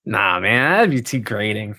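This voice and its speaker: Low-voiced easygoing male stream host. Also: sing-song, normal speed, bright, forceful tone, no echo. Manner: easygoing, answers viewer questions. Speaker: PC company livestream host. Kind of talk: casual livestream chat.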